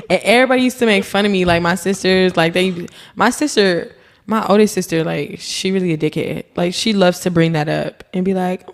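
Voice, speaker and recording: A young woman from Texas, USA, speaks fairly quickly in a lowish voice. She's a podcast guest in casual chat, telling stories in a brash, profane, laughing manner.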